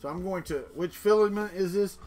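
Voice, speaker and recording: Soft background music plays as a livestream host chats and jokes with his audience, reading comments out loud. His voice is high-pitched, a little mellow, and a touch fast.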